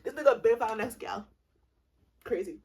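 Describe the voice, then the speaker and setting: A woman's voice: a little high, moderate pace, vocal fry, dark tone, slight background noise. A woman in her twenties telling a casual storytime vlog, rambling and profane, with frequent laughter. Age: 20s. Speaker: vlogger.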